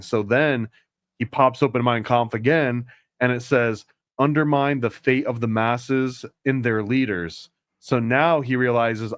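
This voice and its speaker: A man co-hosting a podcast, casually retelling and analyzing an old cartoon, rambling with quick asides. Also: medium pitch, no echo, clean studio sound. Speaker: podcast co-host. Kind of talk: casual discussion.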